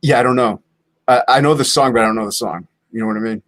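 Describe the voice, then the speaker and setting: A man from Ohio chatting as a guest on a livestream, easygoing and quiet. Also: mid-range voice, quick pace. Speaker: stream guest. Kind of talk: casual call-in chat.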